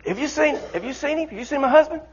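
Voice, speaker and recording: Man doing a frantic young wife, high pleading voice, repeated questions, dull lo-fi sound. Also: lively intonation, very fast, a little hiss or hum. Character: frantic young wife searching for her husband. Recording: dull lo-fi recording.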